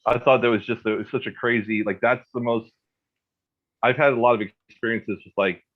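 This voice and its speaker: A man in his thirties loosely tells a ghost story from his own life, rambling, restarting, repeating words, and saying "like" often. His mid-range voice is steady and fairly quick, heard through a muffled recording with a little hiss or hum.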